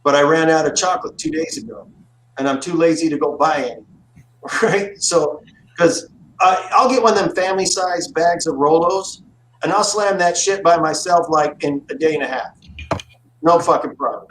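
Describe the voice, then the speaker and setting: A man chats on a livestream in a slightly high, a bit bright voice at normal speed. His talk is casual, full of rambling, profanity-filled stories, captured with roomy echo and faint noise.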